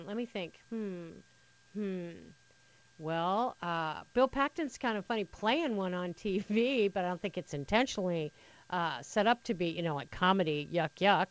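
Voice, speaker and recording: A woman's voice: mid-range voice, no echo. A woman hosting a political talk radio show, sarcastic and opinionated, rambling with frequent restarts into a studio microphone.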